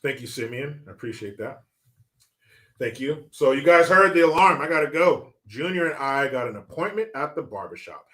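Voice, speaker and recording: A man's voice: mid-range voice, lively intonation, moderate pace, a bit bright. A man hosting a livestream with political commentary, mocking and swearing as he talks. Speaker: livestream host.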